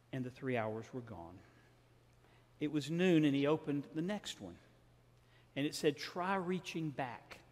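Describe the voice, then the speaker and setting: Southern man, pastor in the pulpit, storytelling sermon with voiced dialogue, mid pitch, long church reverb. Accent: Southern American. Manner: storytelling, acts out dialogue with shifting tone. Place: large church sanctuary.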